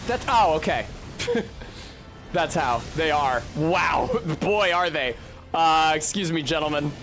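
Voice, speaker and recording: A man's voice: on the high side, expressive, slow, a bit bright, slight background noise. A man streaming a game live, cursing and mocking himself as he plays. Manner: profane, self-mocking, exclamatory. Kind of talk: live gameplay commentary.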